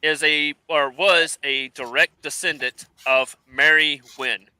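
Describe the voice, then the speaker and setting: Bright, smooth-voiced male game master. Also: on the high side, fairly even intonation, dry recording, low-quality recording. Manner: halting, searching for words. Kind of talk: narrating a tabletop game.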